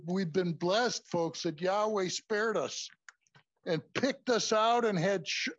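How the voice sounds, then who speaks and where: A man's voice: high-pitched, dry recording. A man preaching in a conversational way to a class, often addressing them as folks. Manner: conversational, repeatedly says "folks". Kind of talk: sermon. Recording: muffled, lo-fi recording.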